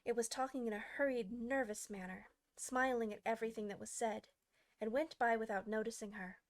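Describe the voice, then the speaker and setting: Casting: female audiobook narrator, expressive storytelling, a touch higher than average. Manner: expressive storytelling with varied pacing. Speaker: audiobook reader.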